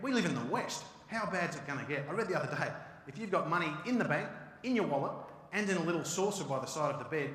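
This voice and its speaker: Bright Australian man joking on stage. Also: on the high side. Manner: animated, joking, ranting. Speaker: keynote speaker. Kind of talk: comedic keynote talk. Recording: echoey hall, live stage.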